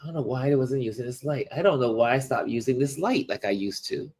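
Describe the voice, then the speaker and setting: A middle-aged man hosting a casual livestream, musing warmly to viewers as he shows photos. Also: mid-range voice, breathy edge. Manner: slow, musing, talks to viewers while showing photos. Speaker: livestream host.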